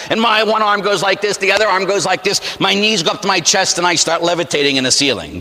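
A man from Pittsburgh, a Catholic priest, telling a personal story as a sermon in an animated, humorous way, acting out the scenes. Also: a little high, quick pace, few pauses, big-room sound. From Pittsburgh, USA.

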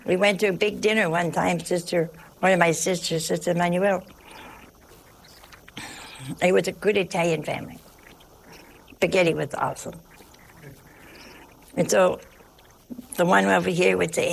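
Gravelly woman preaching folksy sermon. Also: lowish voice, steady tone, moderate pace, long pauses, a little hiss or hum. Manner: emphatic, drops to hushed asides; humorous storytelling. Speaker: religious teacher.

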